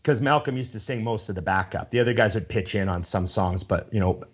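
A man's voice: lowish voice, a little fast, breathy edge, muffled recording. A man in casual chat, rambling with enthusiasm and swearing freely as he talks.

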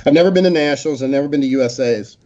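A man's voice: medium pitch, rapid-fire, warm tone. A man co-hosting a podcast in casual chat, laughing often, swearing freely and rambling. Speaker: co-host. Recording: dull lo-fi sound.

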